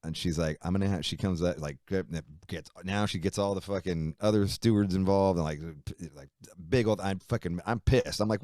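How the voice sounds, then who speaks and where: A man with a very deep voice tells a long story in a loose interview, swearing freely and acting out what people said. The sound is dry and close, with no room in it. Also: normal speed, no room sound. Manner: swears freely, animated storytelling with quoted dialogue. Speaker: musician guest.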